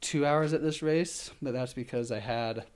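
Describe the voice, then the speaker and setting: A man's voice: mid-range voice, moderate pace, clear, resonant tone. A man taking part as a guest in an interview, rambling with many fillers, laughing easily and slightly out of breath. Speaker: ultramarathon runner guest. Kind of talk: casual interview chat.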